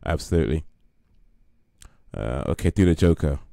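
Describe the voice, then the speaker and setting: Low creaky guy rambling on his game stream, lively ups and downs. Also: moderate pace, no echo, clean studio sound. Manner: rambling, lots of fillers, joking. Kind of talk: casual live-stream chat.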